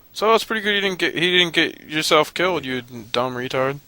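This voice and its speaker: A man's voice: on the high side, expressive, normal speed, bright, forceful tone, no echo. A man giving casual, sarcastic let's play commentary, loosely paraphrasing the game's dialogue with lots of swearing. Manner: tired and cranky.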